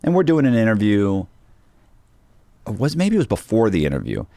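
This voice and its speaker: A man with a deep, low voice tells a story in a relaxed interview, acting out each quoted line as he goes. The sound is dry and close, with no room around it. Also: brisk, creaky, no echo. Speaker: podcast guest.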